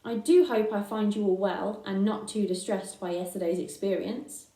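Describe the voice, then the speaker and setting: A woman voicing a gentle, earnest young piglet who speaks very courteously. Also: mid-range voice, moderate pace, reverberant, distant mic, lightly acted, low-quality recording. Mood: polite.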